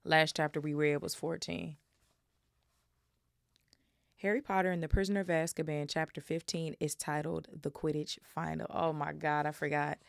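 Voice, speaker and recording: A woman's voice: low-pitched, vocal fry, darkish tone, clear, resonant tone, no room sound. A young woman from Chicago reading a novel aloud and chatting bluntly, with swearing, as a podcast host. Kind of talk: casual book-club reading and chat. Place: home, seated in a squeaky chair. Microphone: studio microphone.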